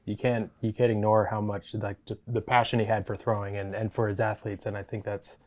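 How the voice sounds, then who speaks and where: A man co-hosting a throws podcast, speaking softly and hesitantly with many pauses and fillers. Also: lowish voice, level tone. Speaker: throws coach, podcast co-host. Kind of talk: casual sports chat.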